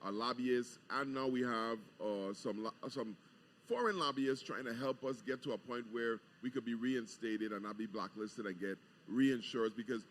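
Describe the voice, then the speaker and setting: A middle-aged man serves as governor and guest on a morning talk program, his voice steady and mid-pitched. He laughs readily and lays out policy patiently in everyday words, chatting casually from an outdoor deck. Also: normal speed, a little hiss or hum. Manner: laughs easily, explains patiently. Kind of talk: casual radio chat, explaining policy. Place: outdoor deck at a live broadcast.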